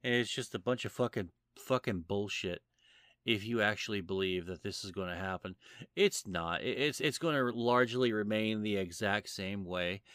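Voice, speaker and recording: A man's voice: on the low side, normal speed, a bit bright, smooth, no room sound, clean studio sound. A man vlogging an angry, profane rant, stumbling over restarts as he talks.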